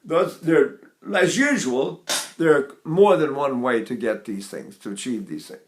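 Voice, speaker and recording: A man's voice: medium pitch, reverberant. A man in his eighties giving an informal voice lesson, rambling a little and breaking into short sung demonstrations. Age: 80s. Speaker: voice teacher.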